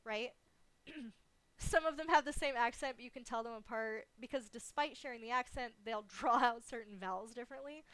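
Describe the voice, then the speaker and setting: A woman's voice: on the high side, normal speed, fairly bright tone, smooth, dry recording. A woman streamer talking casually and candidly in a livestream Q&A, swearing freely and laughing often.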